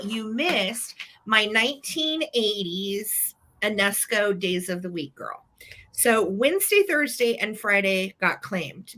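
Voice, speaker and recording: A woman's voice: medium pitch, sharp tone. A woman hosting a live online vintage sale, chatty and upbeat as she describes each item. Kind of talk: live online sales chat.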